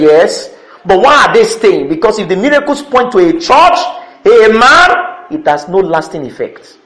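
High-voiced preacher in an echoey church. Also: male voice, fairly bright tone. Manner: emphatic, repeats key words, calls for responses. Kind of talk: sermon.

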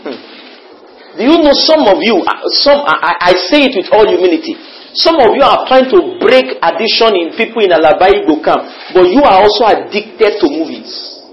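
Animated preacher, man. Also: high-pitched, fairly quick. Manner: animated, rising to near-shouts. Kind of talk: sermon with altar call. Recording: muffled lo-fi with faint ambience.

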